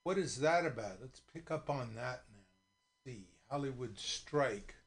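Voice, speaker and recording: A man hosting a live radio show casually, halting with fillers as he goes. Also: medium pitch, expressive.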